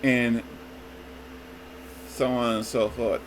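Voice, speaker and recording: A man's voice: mid-range voice, level tone, takes it slowly, a little hiss or hum, poor audio. A man giving a casual, rambling review of a movie trailer, often calling his listeners "folks" and restarting his sentences. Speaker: YouTube reviewer.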